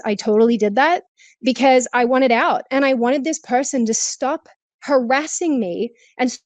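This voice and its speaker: A woman's voice: high-pitched, darkish tone, no room sound. A woman talking candidly and emotionally as a guest, laughing now and then, stressed and short of breath. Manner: emotional, confessional, laughs often. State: stressed, out of breath while walking. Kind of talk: candid conversation. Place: walking, then sitting, on a remote call.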